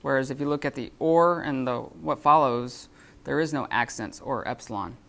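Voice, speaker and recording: A man leads a live classroom lesson, explaining grammar in a halting way, full of fillers and restarts. His voice has a gravelly edge. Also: medium pitch, a bit bright. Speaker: Greek teacher.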